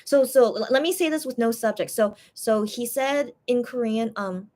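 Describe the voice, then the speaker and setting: Young woman, casual stream chat, slightly high pitch, hesitant, restarts while translating. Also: moderate pace, mellow. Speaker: fan streamer translating for viewers.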